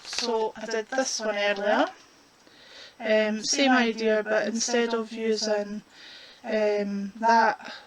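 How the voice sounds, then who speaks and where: A woman's voice: a little high, little pitch movement, a crowd in the background, low-quality recording. A woman, chatting casually while demonstrating a colouring craft. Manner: chatty, unhurried, talks while working.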